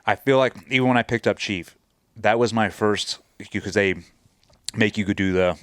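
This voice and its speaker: Guest, male, low register, dry close sound; profane storyteller who acts out quoted dialogue. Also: normal speed, smooth, no room sound. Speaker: podcast guest, former Navy SEAL chief. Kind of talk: casual storytelling in conversation.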